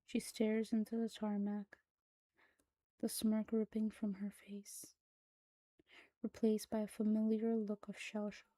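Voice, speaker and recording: A woman reads a horror story aloud in a hushed, soft-spoken voice that slips into whispers. Her delivery is flat and even, with a dark, mellow tone. The recording is dry and close. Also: mid-range voice, a little slow, long pauses, dry recording, poor audio. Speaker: narrator. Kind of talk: scripted horror story reading.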